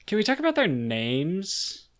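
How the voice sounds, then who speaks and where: A man's voice: high-pitched, wildly swooping pitch, fairly bright tone. A young man co-hosting a podcast, chatting casually and laughing about a book. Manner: laughing, joking, quick asides. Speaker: podcast co-host. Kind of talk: casual book discussion chat.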